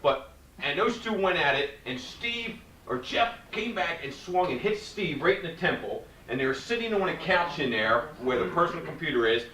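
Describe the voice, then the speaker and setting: A man's voice: fairly high pitch, expressive, moderate pace, sharp tone, a little hiss or hum. A man casually telling an old family story, rambling and laughing through it, recorded on a home camcorder in a house. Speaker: family member on a house tour. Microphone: camcorder mic at a distance. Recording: roomy home camcorder audio from a distance.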